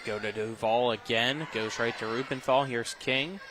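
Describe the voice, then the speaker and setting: Guy doing play by play for a volleyball game, gym noise in the background, quick calls. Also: mid-range voice. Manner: rapid, gets loud and excited on long rallies. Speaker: play-by-play commentator. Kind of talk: live volleyball commentary.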